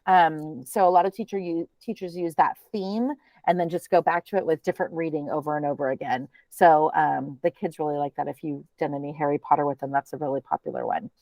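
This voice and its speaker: A woman's voice: low voice, fairly quick, few pauses, dry recording. Chatty woman leading a webinar. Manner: chatty, many ums, relaxed explaining. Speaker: teacher trainer. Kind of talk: webinar presentation.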